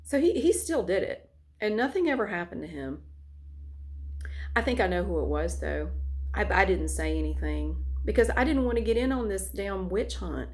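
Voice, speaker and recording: A woman's voice: medium pitch, lively intonation, moderate pace. A woman vlogger telling a personal story in a candid, frank way with casual swearing.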